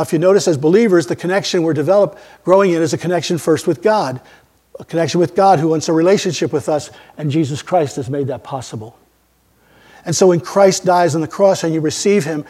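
A man preaching a sermon as a pastor, emphatic, swinging between loud outbursts and quiet asides. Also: on the high side, fairly quick, breathy edge. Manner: emphatic preaching with sudden loud rises and soft drops.

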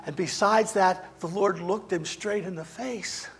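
A man preaching a sermon in a dramatic way, swinging between emphatic lines and hushed ones. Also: high-pitched, measured pace, creaky, slight background noise.

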